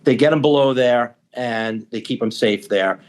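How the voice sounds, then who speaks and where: Man, mid pitch, former cop, casual talk, stammers, gets heated. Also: moderate pace, a little mellow. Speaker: podcast co-host, former police officer. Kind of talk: casual discussion.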